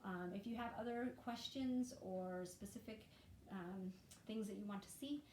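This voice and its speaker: A woman's voice: medium pitch, measured pace, a little mellow. A woman giving a reading lesson to parents, explaining patiently and demonstrating sounds. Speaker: reading teacher. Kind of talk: instructional video lesson. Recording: echoey room with faint noise.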